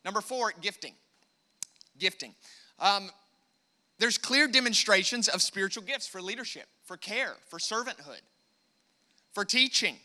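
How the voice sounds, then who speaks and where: An American pastor with a high-pitched, lively voice preaches a sermon at a measured pace with long pauses. He is emphatic and repetitive, repeating words, getting loud on key points and calling on the congregation to respond.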